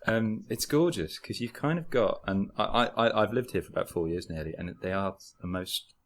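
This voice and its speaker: A young man from Birmingham with a Birmingham accent, chatting casually as a podcast guest, lively and hesitant with many restarts. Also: fairly low pitch, brisk. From Birmingham, England. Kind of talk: casual chat.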